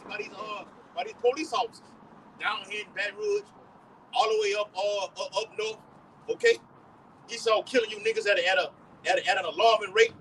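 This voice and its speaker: A man's voice: high voice, sharp tone. A man preaching outdoors on the block, cursing and citing scripture chapters. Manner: profane, quotes scripture chapters. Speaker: street preacher. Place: outdoors on a street. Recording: distant mic, faint street noise.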